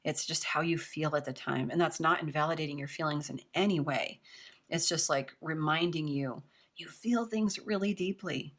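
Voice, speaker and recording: A woman's voice: sits low, normal speed. A young woman giving a casual tarot reading, chatty and reassuring, with lots of filler words. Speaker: tarot reader.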